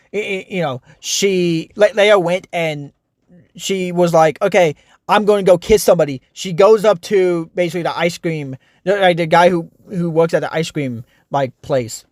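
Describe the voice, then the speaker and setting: A young man rants into his camera in a high, tight voice, stumbling over his words and circling back as he vents. The sound is close and completely dry, with no room echo at all. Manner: frustrated, rambling, many restarts and fillers. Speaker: TV reviewer. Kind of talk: casual ranting review.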